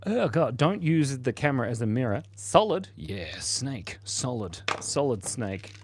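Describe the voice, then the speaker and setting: A man's voice: medium pitch, expressive, a little slow, a little hiss or hum. Playful man in his forties streaming. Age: 40s. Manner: playful and goofy, chatting to viewers. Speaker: livestream host. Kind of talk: casual livestream chat while drawing.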